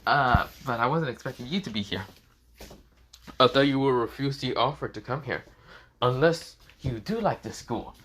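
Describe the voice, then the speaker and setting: A man's voice: medium pitch, normal speed, a bit bright, a little hiss or hum, close to an everyday voice. A man voicing a cheerful, clingy teenage girl in a fan-made story, his voice lifted slightly and eager.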